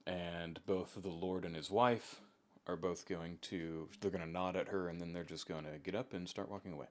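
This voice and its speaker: A man acting as game master, narrating a tabletop game in a calm, measured way. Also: low-pitched.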